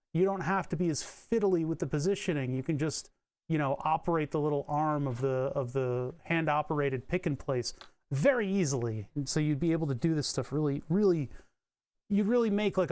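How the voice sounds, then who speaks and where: A man's voice: fairly high pitch, a little fast, a little mellow, dry recording. A man in his late thirties, chatting casually and joking on a live stream while he solders a circuit kit. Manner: joking, laughs often, rambling.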